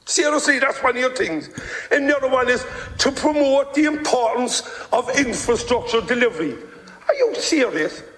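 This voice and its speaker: Fiery Irish politician booming in a hall. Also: male voice, lively intonation, normal speed. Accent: Irish, Cork. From Ireland. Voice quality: fiery, hectoring, loud. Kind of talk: impassioned parliamentary speech. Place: parliament chamber. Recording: echoey hall with long reverb.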